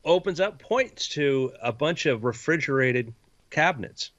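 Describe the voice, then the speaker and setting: A man's voice: on the high side, lively intonation, a little slow, a bit bright, dry recording. A man acting as game master, setting scenes playfully and vividly on a slightly muffled dry recording. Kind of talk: narrating a tabletop game.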